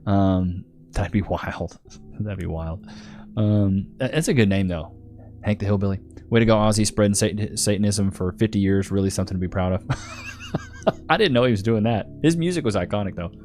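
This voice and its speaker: A chummy man with a fairly low voice talks loosely through a livestream, thanking viewers and reading their donations. His talk rambles, with plenty of laughing asides, and faint music plays underneath. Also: moderate pace, darkish tone. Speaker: livestream host.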